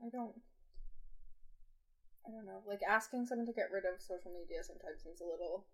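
A woman's voice: mid-range voice, fairly quick, breathy edge. A woman in her twenties co-hosting a podcast, chatting casually and agreeing often. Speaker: podcast co-host. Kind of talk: casual chat.

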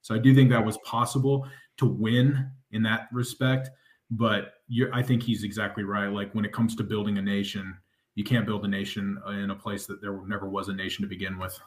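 A male veteran speaking on a podcast with a somewhat low voice. He is earnest and measured, and takes his time building each point. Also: little pitch movement. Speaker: military veteran guest. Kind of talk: casual podcast discussion.

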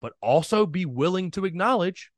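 Male podcast host, slightly high voice, dry close sound, lively opinionated delivery. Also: moderate pace, no echo. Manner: energetic, opinionated, addresses listeners as guys. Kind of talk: sports podcast monologue.

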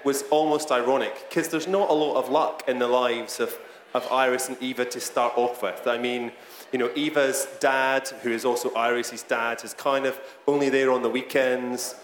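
A man's voice: medium pitch, fairly bright tone. A Scottish man from Britain interviewing an author onstage, playful and prone to restarts. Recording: roomy echo, long hall reverb.

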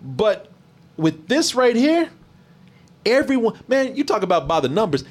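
Chatting casually with a live stream, a man reviews a movie with animated, profane energy, mocking its bad lines. His voice is high and a little slow.

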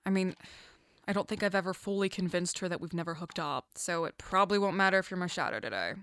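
A woman playing a dry, deadpan character who flatly corrects her friend. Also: lowish voice, fast, no echo.

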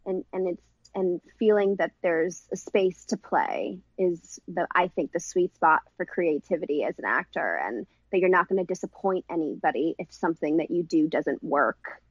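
A woman filmmaker and actress speaking in a casual interview, rambling and warm with many restarts. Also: lowish voice, animated, normal speed, husky, no room sound, lo-fi sound. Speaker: film director and actress.

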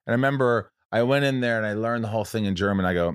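Man, podcast host, low voice, animated, dry recording. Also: very fast, few pauses, clean tone, no echo. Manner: animated, jumps into impressions and mock German. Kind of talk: casual interview chat.

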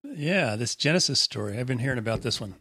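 An easygoing man co-hosts a podcast, trading casual chat and frequent laughs with his partner. His voice sits at an ordinary middle pitch. The sound is dry and close, with no room around it. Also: expressive, fast talker, sharp tone, breathy edge, no echo. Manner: easygoing, laughs often, reads aloud steadily. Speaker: podcast co-host. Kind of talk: casual chat and scripture reading.

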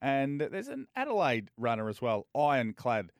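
An Australian man running through the field and its prices on racing radio. His voice is smooth and clear with a dry, close sound, and his banter is casual. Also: medium pitch, wildly swooping pitch, moderate pace, no room sound. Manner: reads runners and odds, casual banter. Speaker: racing tipster reading the prices. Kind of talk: live radio racing talk. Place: radio studio.

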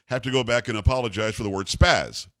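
A man's voice: medium pitch, fast, a bit bright. An older man hosting a talk radio show, ranting in a blunt, combative and jokey way. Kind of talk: opinionated talk radio rant.

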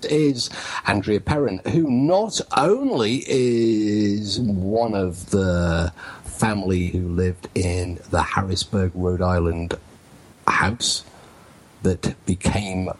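A man's voice: sits low, slow, breathy edge, low-quality recording. A man hosting a live internet radio show, joking and rambling with many restarts.

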